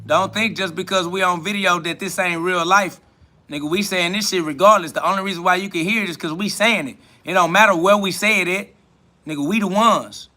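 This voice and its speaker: A man's voice: high voice, a little fast, sharp tone. A man hosting a live stream, boasting and trash-talking in a preachy, repetitive way, answering viewers' comments.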